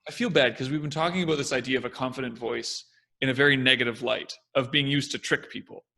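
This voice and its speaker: A young man co-hosts a casual discussion, his voice bright and forward with a noticeable gravelly fry. He explains ideas energetically and slips into little acted voices to make his points. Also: medium pitch, quick pace. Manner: animated, acts out confident and hesitant voices. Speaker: podcast co-host.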